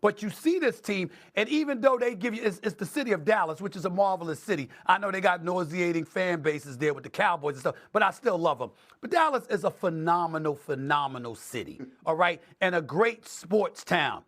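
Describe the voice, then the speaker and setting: A middle-aged man with a high-pitched voice holds the floor as a sports debate host. He talks emphatically and piles up points one after another. He leans hard on key words. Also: a little fast, hardly any pauses. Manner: emphatic, animated, building lists for effect.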